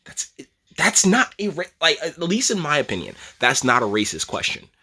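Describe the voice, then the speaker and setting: A man's voice: moderate pace, husky. A man hosting a casual opinion commentary video, rambling with restarts and asides and laughing between phrases. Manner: animated, pitch jumps high when worked up, drops low and quiet when serious. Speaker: commentary channel host.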